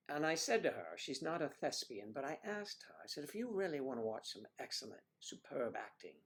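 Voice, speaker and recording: A man hosts a casual livestream and chats easily with the viewers watching. He greets them one by one by name and wanders from topic to topic. His voice sits at an ordinary middle pitch for a man. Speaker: livestream host.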